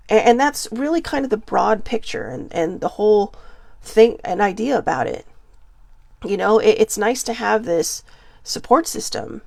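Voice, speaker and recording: Podcast host, forties, female, gravelly edge, earnest and rambling, dry booth sound. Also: mid-range voice, normal speed, a little mellow, no echo. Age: 40s. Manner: rambling and earnest, many fillers and restarts. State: getting emotional. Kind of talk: casual personal monologue.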